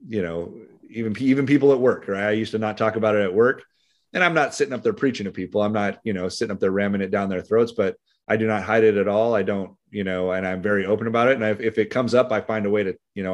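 A man's voice: on the low side, fast talker. A middle-aged man with a Californian accent, a sheriff's deputy telling stories in a casual interview, rambling with many fillers. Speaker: sheriff's deputy and author, podcast guest.

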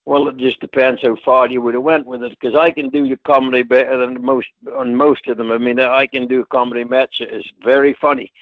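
A man's voice: mid-range voice, flat delivery, brisk, few pauses, no room sound. Older guy spinning rambling stories, dull dry lo-fi line, kinda muffled. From Scotland. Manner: folksy, rambling storyteller who does voices in his anecdotes. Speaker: retired pro wrestler guest. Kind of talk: casual storytelling interview.

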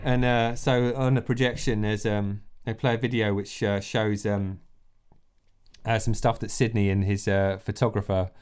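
A man's voice: on the low side, level tone, moderate pace, darkish tone, clear, resonant tone. A man narrating a tabletop role-playing game as game master, rambling and often laughing between scene descriptions. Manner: rambling, with many fillers and restarts, often laughing.

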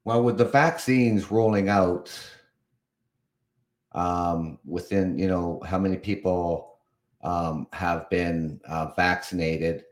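A man's voice: sits low, takes it slowly. A man in his fifties from Canada, hosting a casual live podcast, often chuckling and sounding exasperated, rambling with restarts. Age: 50s. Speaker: podcast host. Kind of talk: casual live-show talk.

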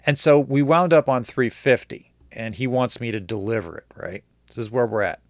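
A man's voice: mid-range voice, moderate pace, no room sound, studio quality. A man hosting a casual show, telling a rambling story full of quoted back-and-forth dialogue.

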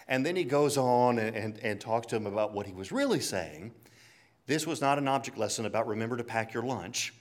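Man, preacher, conversational, laughs often, mid-pitched voice. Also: animated, brisk. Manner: conversational, chuckles often, tells anecdotes. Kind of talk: sermon.

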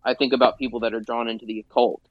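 A man's voice: medium pitch, level tone, dry recording, highs cut off. Earnest, emphatic podcast co-host man. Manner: earnest, emphatic, halting restarts. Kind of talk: casual religious discussion.

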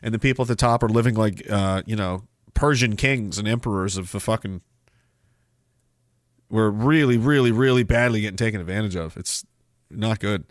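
A man hosting a livestream, reading chat and ranting in a sarcastic, profane way, dropping to mumbles and rising to loud outbursts. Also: fairly low pitch, normal speed, no room sound, clean studio sound.

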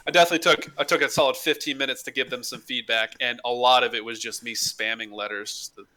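Fast, bright-voiced young man telling a story. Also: mid-range voice. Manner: animated, acts out quotes, swears a lot. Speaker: storyteller in casual chat. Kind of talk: casual chat, comic anecdote.

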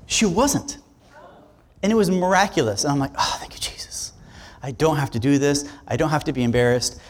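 Animated preaching male pastor. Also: fairly high pitch, brisk. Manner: animated, conversational, acts out dialogue. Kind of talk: sermon storytelling.

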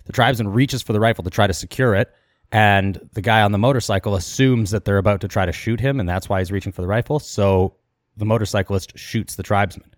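A man's voice: on the low side, fast, dry recording, studio quality. A man co-hosting a podcast, casually retelling a travel story and quoting the people in it. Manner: animated retelling, quoting characters in passing. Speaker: podcast co-host.

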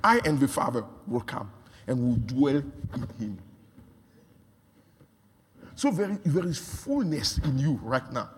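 A man preaching a sermon, repeating phrases and building from quiet talk to shouts. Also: high-pitched, slightly rough. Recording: long hall reverb.

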